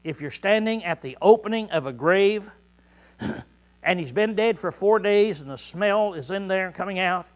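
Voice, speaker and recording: A male pastor preaching a sermon in a folksy way, clearing his throat often, repeating words and shouting out quoted lines. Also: high-pitched, moderate pace.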